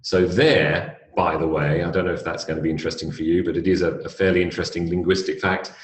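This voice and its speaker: A man with a British accent gives a recorded English pronunciation lecture, spelling words out letter by letter in a clear, deliberate way. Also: deep voice, fairly even intonation. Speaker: English teacher. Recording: roomy echo.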